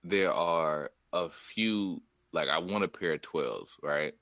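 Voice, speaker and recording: A man's voice: low voice, takes it slowly, fairly bright tone, no room sound. A man in casual chat with friends, telling a story in a loose, rambling way.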